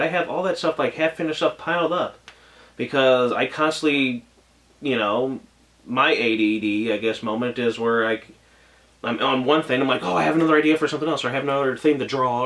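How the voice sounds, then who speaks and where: A man with a medium-pitched voice talks through an anime episode in a loose, unscripted review. He gushes with feeling, restarts his sentences often and lets his thoughts trail off. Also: moderate pace, fairly bright tone. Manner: gushing and emotional, rambling with many restarts. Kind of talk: casual spoken episode review.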